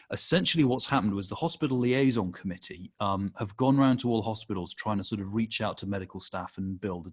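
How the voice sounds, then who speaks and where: A man co-hosting a podcast, running through a news roundup in a chatty, wry, self-deprecating way. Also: lowish voice. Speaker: podcast co-host reading news segment.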